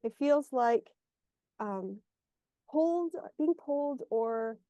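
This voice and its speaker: A woman with a fairly high, mellow voice guides a client as an energy healer. She meanders as she explains, searching for words aloud. The sound is dry and slightly muffled, like a video call. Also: expressive, slow pace, no echo. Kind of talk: one-on-one guidance session. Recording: muffled lo-fi audio.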